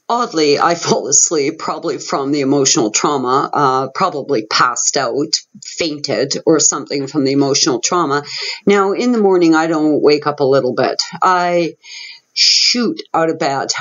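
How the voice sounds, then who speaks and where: A woman's voice: deep voice, highs cut off. A middle-aged woman hosting her own channel, recounting a personal story candidly and emphatically, swearing freely and laughing in disbelief. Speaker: host.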